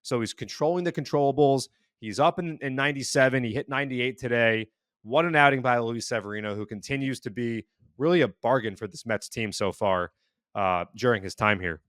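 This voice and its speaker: A man hosting a casual sports podcast, recapping numbers in a steady, measured way. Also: mid-range voice, no echo, clean studio sound. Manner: steady, stat-heavy recapping. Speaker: podcast host.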